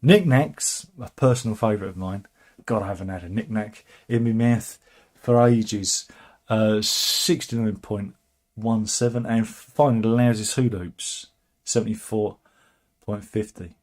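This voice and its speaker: A man's voice: lowish voice, steady tone, a little slow, darkish tone. A man hosting casual satirical news commentary, sardonic and rambling, with chuckling asides. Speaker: host of a satirical news channel.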